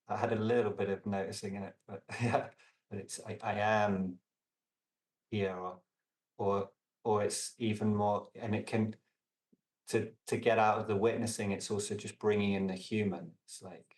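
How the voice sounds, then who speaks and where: Low, flat-voiced man rambling thoughtfully. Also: unhurried, roomy sound, far from the mic. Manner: meandering, lots of fillers and restarts, trails off softly. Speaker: podcast guest, relational coach. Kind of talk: casual reflective conversation.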